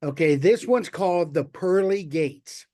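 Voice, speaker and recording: A male guest poet telling a story slowly and easily. His voice is high for a man. The sound is dry and close. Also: no echo. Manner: unhurried, relaxed telling. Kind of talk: spoken storytelling.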